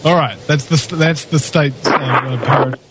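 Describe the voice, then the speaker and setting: A man's voice: medium pitch, fairly even intonation, normal speed, heavy background noise. A man hosting a call-in talk radio show, chatty and rambling, fond of telling jokes.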